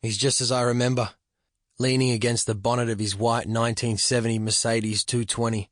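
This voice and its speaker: A man reading a literary novel aloud in the first person, reflective and measured, at a close studio microphone. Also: mid-range voice, little pitch movement, a bit bright, no echo. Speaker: audiobook narrator.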